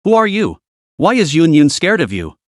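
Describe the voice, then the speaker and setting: A man's voice: on the high side, huge pitch swings, moderate pace, dry recording, clean studio sound. A man voicing indignant young female college students in a story recap, accusing and protective.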